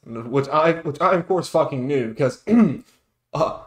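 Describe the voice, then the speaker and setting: A man's voice: fairly high pitch, lively intonation, slow. A man doing sarcastic, profane comedic commentary on a video, ranting in mock outrage and mock awe. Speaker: commentary youtuber. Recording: echoey room with music underneath.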